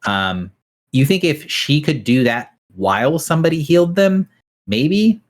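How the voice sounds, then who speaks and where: A man's voice: on the high side, expressive, measured pace. A man narrating a tabletop game as game master, talking casually with frequent fillers. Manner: casual, hesitant, many fillers.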